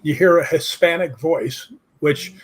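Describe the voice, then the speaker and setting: An older man with a husky voice, a guest telling rambling ghost-hunting stories in a casual interview. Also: a little high, a little slow. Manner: rambling anecdotes with asides, quotes his own questions.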